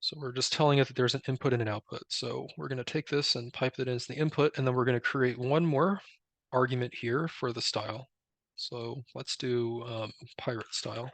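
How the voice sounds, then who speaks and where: Gravelly man walking through a demo. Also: medium pitch, moderate pace, no echo. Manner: relaxed, filler-heavy explaining. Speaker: presenter demoing a tool. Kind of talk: live software demo.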